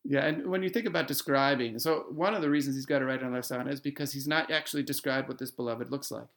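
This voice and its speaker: A man explaining a poem in a playful, animated way in conversation, then reading verse slowly. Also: mid-range voice. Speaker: literature scholar. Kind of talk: conversational discussion and poetry reading.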